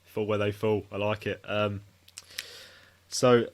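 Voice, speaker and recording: A man's voice: on the low side, flat delivery, slow. A man co-hosting a podcast, teasing the others and swearing casually. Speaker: podcast co-host. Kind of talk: casual chat.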